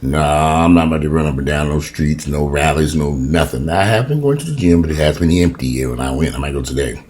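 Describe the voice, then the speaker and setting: A man's voice: rumbling low, fairly quick, darkish tone, a little hiss or hum. A man in his fifties ranting profanely and animatedly in a casual home vlog, filming himself on a camera in his kitchen. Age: 50s. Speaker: vlogger.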